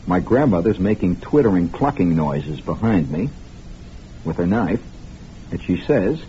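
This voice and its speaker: A man's voice: low voice, expressive, unhurried. A man telling a long story on the radio in a conspiratorial, mock-grave way, speaking straight to his listeners on an old broadcast recording. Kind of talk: improvised radio monologue storytelling. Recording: lo-fi 1960s radio broadcast, faint hiss.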